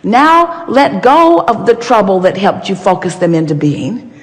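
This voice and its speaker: A woman gives an inspirational seminar talk, leaning hard on key words and slipping into playful asides. Her voice sits at a middle pitch. She speaks as a collective "we", and her voice carries a long reverb through a large hall. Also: very animated, a little slow.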